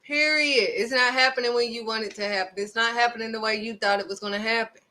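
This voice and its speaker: A woman's voice: a little high, fairly even intonation, fast, pushed and bright. A woman hosting a devotional video, preaching casually and emphatically, firing off rhetorical questions. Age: adult, raising children.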